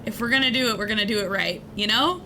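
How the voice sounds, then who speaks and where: Her medium-pitched voice comes out quick, pushed and bright as she hosts a charity livestream, gaming and giggling through playful thanks to donors. There is slight background noise.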